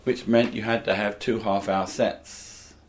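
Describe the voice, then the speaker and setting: Older male comedian guest, lowish voice, rambling and anecdotal. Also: fairly even intonation, unhurried. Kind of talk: casual interview chat.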